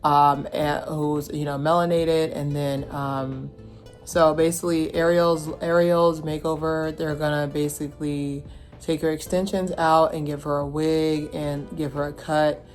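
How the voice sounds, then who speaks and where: A woman's voice: deep voice, level tone, a little slow, faint music behind. A woman chatting casually as she reviews a show, rambling with lots of fillers and restarts.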